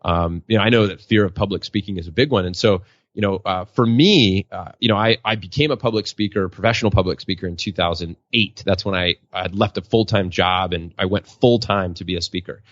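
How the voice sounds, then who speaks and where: Animated storytelling man, dry sound. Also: deep voice, brisk, no echo, dull audio. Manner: animated, acts out quotes in a raised voice. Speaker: podcast guest, professional speaker. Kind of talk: storytelling interview answer.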